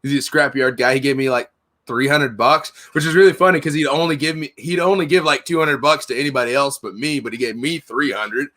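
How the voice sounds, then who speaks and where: A man's voice: mid-range voice, fairly even intonation, fairly quick, sharp tone. A man hosting a casual chat, telling rambling, profane stories.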